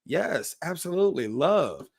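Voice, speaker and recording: A man's voice: on the high side, sing-song, measured pace, vocal fry, breathy edge, no echo. A man leading a live-streamed parenting class who greets chat viewers by name and repeats his key points.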